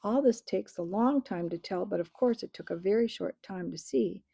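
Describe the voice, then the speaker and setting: Woman reading a storybook, gravelly. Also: medium pitch, moderate pace, mellow, no echo. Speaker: audiobook reader.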